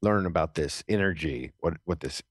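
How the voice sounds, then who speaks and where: A man's voice: rumbling low, moderate pace, breathy edge, no room sound. A middle-aged man, a retired Navy SEAL, telling his story as a podcast guest in an earnest, reflective way with frequent restarts. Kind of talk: conversational storytelling.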